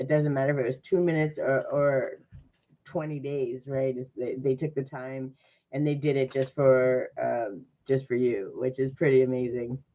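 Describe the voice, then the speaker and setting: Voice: medium pitch, dull audio. A spiritual card reader in a casual livestream reading. The speaker is chatty and upbeat and makes sarcastic, self-mocking asides.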